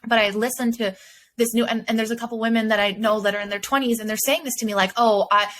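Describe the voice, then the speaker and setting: A woman hosting a podcast, chatting casually and quickly backing up her guest. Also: on the high side, steady tone, fairly bright tone. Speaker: podcast host.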